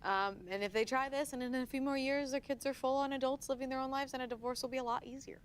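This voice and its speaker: A woman's voice: sits high, fairly even intonation, fast talker, slight background noise. A woman chatting casually, playful and incredulous. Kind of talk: casual chat.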